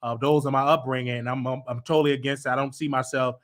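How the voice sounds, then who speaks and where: A man's voice: mid-range voice, little pitch movement, fast. A man hosting his own show, talking in a casual rambling monologue with many fillers and sudden joking bursts. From United States. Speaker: show host. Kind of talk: casual live-stream monologue.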